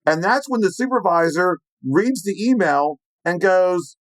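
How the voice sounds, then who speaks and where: A man recounts a story with lively energy, slipping into the voices of the people he quotes. His voice sits a bit high for a man. The sound is dry and close, with no room echo. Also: a little slow, hardly any pauses. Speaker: penetration tester telling a story. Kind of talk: animated storytelling.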